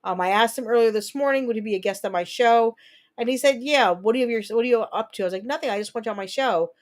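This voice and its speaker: A woman from New Jersey hosting a casual livestream chat, talking in a rambling, profane way and quick to launch into rants. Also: a little high. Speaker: livestream host.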